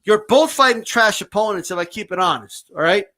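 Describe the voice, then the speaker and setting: A man's voice: high-pitched, animated, a little fast, bright, forceful tone. A man giving a brash, mocking, profane rant as a boxing commentator. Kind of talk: ranting commentary vlog.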